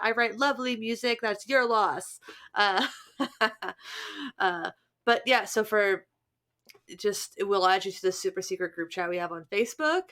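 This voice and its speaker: A woman in her thirties co-hosting a podcast in casual chat, talking in a chatty, animated way with frequent restarts and laughs. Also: a little high, clean tone. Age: 30s. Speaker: podcast co-host and musician.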